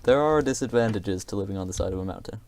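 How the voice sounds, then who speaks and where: A man's voice: lowish voice, fast talker, a little mellow, a little hiss or hum. A man giving casual, rambling gameplay commentary, hesitant and self-deprecating, with many fillers.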